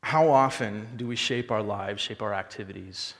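Animated male preacher in a hall. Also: fairly low pitch, moderate pace. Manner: animated storytelling, rhetorical questions. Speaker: pastor. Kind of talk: sermon.

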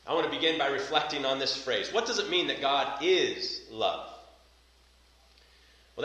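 A male pastor delivers an earnest sermon, stressing his points through repetition. His voice is bright and forceful, sitting at an ordinary pitch. The sound carries heavy reverberation, as from a large hall. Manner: earnest, emphatic preaching with repetition.

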